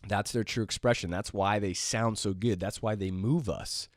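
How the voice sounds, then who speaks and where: A man hosting a jazz piano podcast lesson, talking in a relaxed, rambling way with fillers, his voice going hoarse. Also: on the low side, moderate pace, dry recording, studio quality. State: losing his voice, clearing throat. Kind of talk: casual spoken lesson.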